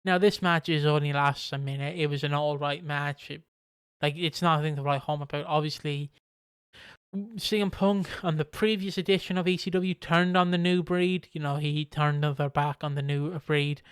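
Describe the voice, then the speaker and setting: A man co-hosting a casual podcast, his voice pitched a little high with a smooth, clean tone. He rambles through recaps with plenty of swearing. The sound is dry and close, with no room echo. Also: flat delivery, normal speed, a bit bright. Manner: rambling, swears, acts out quotes. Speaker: podcast co-host. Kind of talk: casual chat reviewing wrestling.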